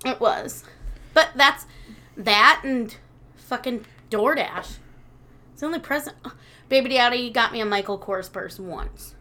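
Bright, high-pitched storytelling woman. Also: unhurried, pauses often. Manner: animated storyteller, laughs a lot, swears freely. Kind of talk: casual chat.

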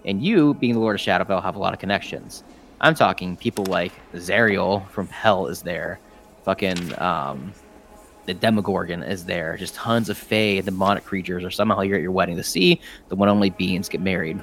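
A man's voice: low-pitched, moderate pace, creaky, a bit bright, a little hiss or hum. A man narrating a tabletop game as game master, casual and rambling with lots of fillers and swearing.

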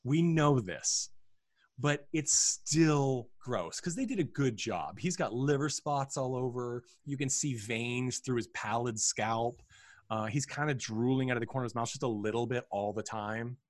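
A man's voice: mid-range voice, unhurried, no echo. Rambling male podcast co-host. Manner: rambling, many restarts and fillers. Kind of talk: casual film review chat.

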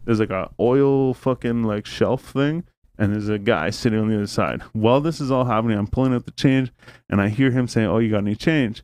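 A man in a podcast studio tells a rambling story at a quick clip, his voice sitting at an ordinary middle pitch. He talks loosely, peppering every line with swearing and filler words. The sound is dry and close, with no room echo. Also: a little mellow. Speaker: podcast host. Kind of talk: casual storytelling chat.

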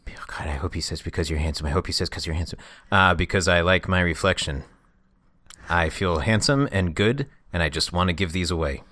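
A man voicing an anxious fast-food cashier who mutters his hopeful thoughts aloud. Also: low voice, pushed and bright, no echo, clean studio sound, voice pushed down. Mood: pleading.

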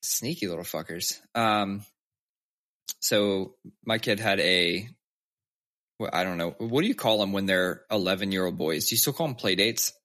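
A podcast co-host in his thirties talks candidly about his kids in casual chat, swearing freely and acting out their lines. His voice is deep and fairly bright, and he speaks at a moderate pace.

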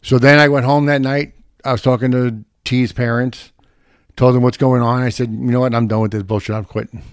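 A man's voice: medium pitch, level tone, fairly quick, smooth, no room sound, clean studio sound. A middle-aged man telling a profane, brash story in casual chat.

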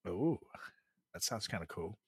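A man's voice: low voice, lively intonation, a little slow, a bit bright, a little hiss or hum. A man co-hosting a comedy podcast in casual chat, from Latin America, laughing often through joking asides. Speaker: podcast co-host.

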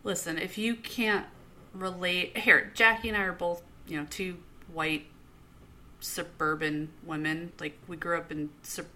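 A woman in her thirties co-hosting a podcast, chatting casually, blunt and profane, quick to laugh. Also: on the low side, fairly even intonation, sharp tone. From United States. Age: 30s. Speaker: podcast co-host. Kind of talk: casual chat.

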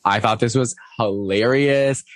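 A man's voice: mid-range voice, no room sound. Profane, blunt man in casual chat. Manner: blunt, profane, quick asides. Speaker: podcast co-host. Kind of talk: casual reality-TV recap chat.

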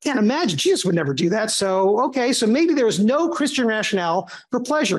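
A man leading a conversational Bible study, animated and given to asides and restarts, who acts out quotes in shifting voices. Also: very high-pitched, fairly quick, hardly any pauses.

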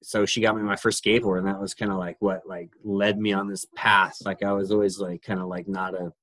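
Low voiced guy in his 40s, chill, makes fun of himself, dry close sound. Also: flat delivery, a little fast, fairly bright tone, no room sound. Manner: laid-back, self-deprecating. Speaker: podcast guest. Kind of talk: casual chat.

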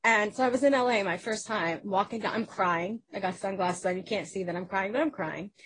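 A woman, an actress and podcast guest, talking in a casual interview, hyper and energetic, acting out what people said to her as she tells her stories. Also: mid-range voice, brisk, husky, rough recording. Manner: animated storyteller who acts out quoted dialogue.

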